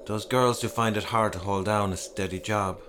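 A man voicing a weary wife and mother in a soft, subdued, pleading way over background music. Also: lowish voice, steady tone, moderate pace, background noise, close to an everyday voice.

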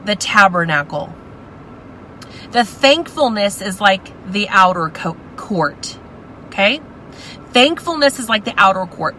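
A woman's voice: medium pitch, sharp tone, a little hiss or hum, low-quality recording. A woman teaching a women's Bible study, passionate and exclamatory.

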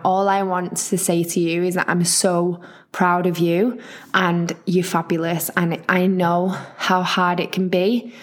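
A woman hosting a solo podcast, talking in a chatty, encouraging, rambling way. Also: lowish voice. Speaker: podcast host.

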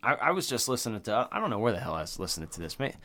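A man's voice: lowish voice, big pitch swings, racing, bright, forceful tone. A man co-hosting a casual horror movie podcast, laid-back and rambling, swearing often. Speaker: podcast co-host. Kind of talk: casual chat.

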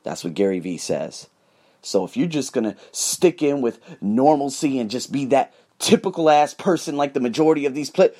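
An American man hosting his own podcast, giving a high-energy, emphatic motivational monologue with plenty of profanity. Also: lively intonation, normal speed, warm tone. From United States. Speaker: podcast host.

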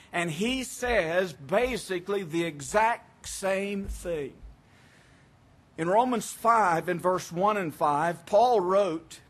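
A man with a notably high speaking voice delivers a sermon from the pulpit. He talks earnestly and stretches out key words for emphasis. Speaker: pastor.

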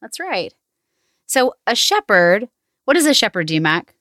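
A woman in her thirties hosting a family prayer and meditation time, speaking slowly and encouragingly to her son. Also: mid-range voice, big pitch swings, a bit bright, no echo, clean studio sound. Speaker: host of family devotional. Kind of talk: gentle guided family devotional.

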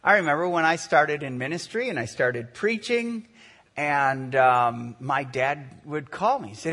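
A man in his forties, a pastor, preaching a sermon in a conversational storytelling way that slows for earnest emphasis. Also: on the high side, big pitch swings, a bit bright, big-room sound. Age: 40s.

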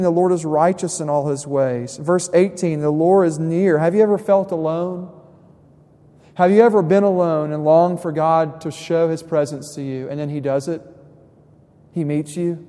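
A young man preaches a conversational sermon, and his slightly high voice rings out through a church sanctuary. He swings between soft, quiet asides and rising emphasis, and a long reverb trails behind his words. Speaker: pastor.

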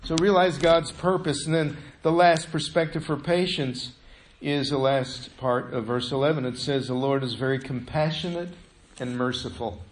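A man preaching a sermon as pastor, animated, swinging from loud to hushed. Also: mid-range voice, normal speed. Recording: echoey room, faint noise.

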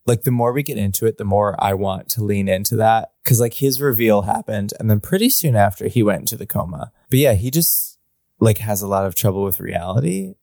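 A man's voice: fairly low pitch, animated, brisk, gravelly, warm tone, dry recording, studio quality. A man who runs the game, chatting casually and joking in an irreverent, swearing way. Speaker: game master. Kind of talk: casual podcast chat.

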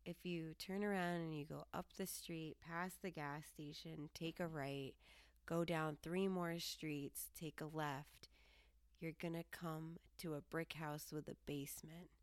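A woman voicing an older female shop clerk who murmurs secret directions in a hushed, conspiratorial way. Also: low voice, expressive, extremely slow, no echo, full character voice.

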